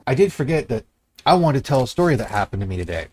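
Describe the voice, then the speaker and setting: A man from Michigan, co-hosting a casual voice-chat podcast and telling stories in an animated, profane way. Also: medium pitch, fast, crowd noise. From Michigan, United States. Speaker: podcast co-host.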